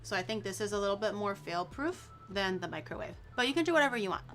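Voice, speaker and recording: Bright, teasing woman streamer. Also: medium pitch, animated, fast, soft background music. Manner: playful, teasing, drags out words to mock pronunciations. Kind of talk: casual cooking stream chat.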